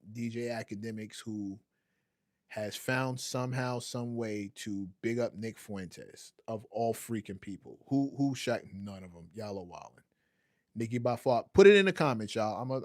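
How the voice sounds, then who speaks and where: A man hosting a casual livestream, joking and talking straight to his chat viewers. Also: medium pitch. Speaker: livestream host.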